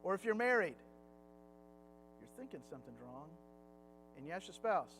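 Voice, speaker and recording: A man's voice: on the high side, sing-song, normal speed, creaky, a bit bright, soft background music, rough recording. A middle-aged man teaching a Sunday Bible class in a church classroom, chatty and anecdotal, slipping into acted quotes. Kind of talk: conversational Sunday Bible lesson.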